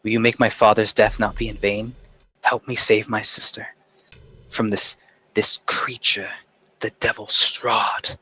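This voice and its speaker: A man's voice: on the low side, level tone, moderate pace, pauses often, a bit bright, lightly acted, poor audio. A man voicing a grieving young village man who stammers and repeats himself. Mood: pleading. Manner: shaky, hesitant, repeats words. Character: grieving young male villager, nervous and fearful.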